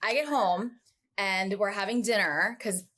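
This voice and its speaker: A woman guest on a podcast, telling her story in a casual, animated, chatty way full of asides. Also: medium pitch, measured pace.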